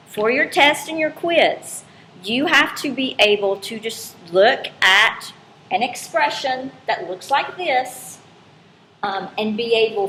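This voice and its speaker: A woman's voice: on the high side, fairly bright tone. A woman teaching an algebra lesson in a casual, chatty way, correcting herself as she goes. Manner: chatty, informal, self-correcting. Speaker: math teacher. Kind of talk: recorded classroom lesson. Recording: roomy with faint background noise.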